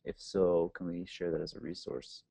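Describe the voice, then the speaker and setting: A man with a very deep, dark, mellow voice moderates a webinar. He reads the audience's questions aloud in a relaxed, informal way. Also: moderate pace, vocal fry, breathy edge.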